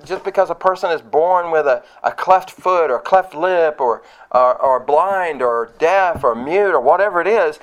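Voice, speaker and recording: A man preaching a sermon in a conversational way, asking the congregation questions and acting out the voices he quotes. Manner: acts out quoted speech with sharp rises in pitch. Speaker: pastor.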